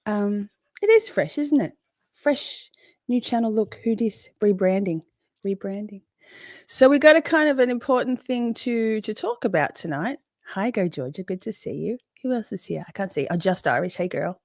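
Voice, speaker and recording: A woman's voice: mid-range voice, animated, moderate pace, a little mellow, dry recording, clean studio sound. A woman in her forties, hosting a casual livestream, chatting loosely, swearing freely and greeting viewers by name. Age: 40s. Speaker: livestream host.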